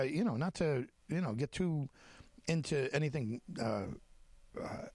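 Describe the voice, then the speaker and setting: A radio host telling a story in a monologue, speaking animatedly with many restarts and acting out the quoted conversations. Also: male voice, medium pitch, lively intonation, a little fast, a little mellow, no room sound. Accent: Long Island.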